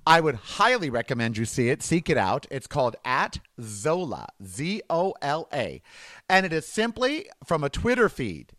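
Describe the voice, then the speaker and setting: A man's voice: on the high side, very animated, moderate pace, fairly bright tone, no room sound. A man hosting his podcast in a campy, rambling comedic monologue. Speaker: podcast host.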